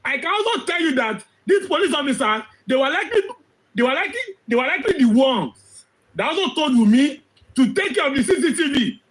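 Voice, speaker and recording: A man giving impassioned commentary, hoarse from losing his voice, firing off rhetorical questions and repeating phrases for emphasis. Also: extremely high pitch, sing-song, brisk, fairly bright tone, low-quality recording. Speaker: social commentator.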